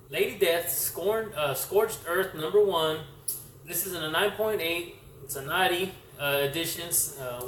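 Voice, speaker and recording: Casual male vlogger, slightly high voice, halting and rambly, recorded off-mic in an echoey room. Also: fairly bright tone. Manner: rambling, halting, lots of fillers and self-corrections. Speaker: comic collector vlogger. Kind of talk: casual show-and-tell vlog. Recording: roomy echo, distant mic, faint hiss.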